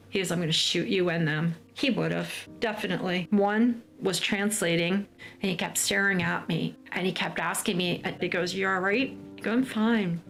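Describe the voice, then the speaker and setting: A woman's voice: lowish voice, gravelly, a bit bright. A woman from the United States, speaking in a documentary interview and telling her story, often acting out what others said. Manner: storytelling, acts out quoted lines of others. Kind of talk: documentary interview, recounting a personal ordeal.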